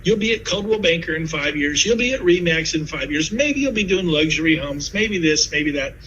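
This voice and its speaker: A man in his fifties giving a sales pitch to fellow real estate agents, telling stories with lively asides. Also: normal speed, muffled recording, a little hiss or hum. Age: 50s.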